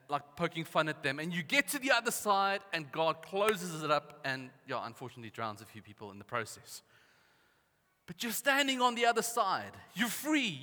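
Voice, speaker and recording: A man preaching with bright, forceful energy, acting out the voices in his stories. His voice sits a touch high for a man and rings with a long reverb, as if he is speaking in a large hall. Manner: lively storytelling, acting out voices. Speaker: pastor. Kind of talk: sermon.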